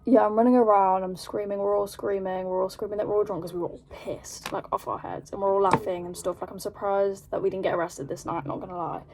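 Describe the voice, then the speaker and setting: A young British woman telling a story in a casual vlog, rambling and animated, with lots of fillers. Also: medium pitch, fast talker, few pauses, a little hiss or hum. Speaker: vlogger.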